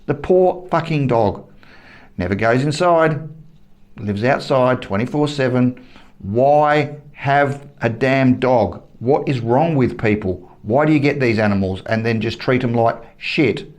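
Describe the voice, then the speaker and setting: An Australian man vents to camera in a fired-up vlog rant, with a voice pitched right in the middle for a man. He talks bluntly, swears freely and hammers his points home by repeating himself. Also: a little slow, a little mellow. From Western Australia. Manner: heated, blunt and profane, repeats himself for emphasis. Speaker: vlogger. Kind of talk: angry opinion rant to camera.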